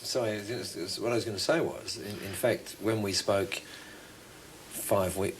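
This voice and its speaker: A man's voice: fairly low pitch, fairly even intonation, unhurried, a crowd in the background, low-quality recording. A man interviewing a guest in a casual conversation, hesitating and restarting as he frames his questions.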